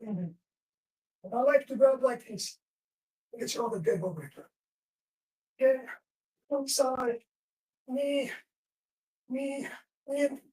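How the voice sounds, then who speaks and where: A woman's voice: high voice, takes it slowly, pauses often, warm tone. A woman teaching self-defense in a live class, giving short commands while she demonstrates moves. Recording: roomy echo from far off.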